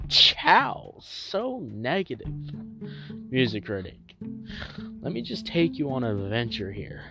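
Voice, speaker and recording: A man putting on a pushy, smug character who won't stop teasing, obsessed with a bygone decade. His pitch sits mid-range. Loud music plays in the background throughout. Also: huge pitch swings, takes it slowly, vocal fry, exaggerated voice. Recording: music playing loudly behind.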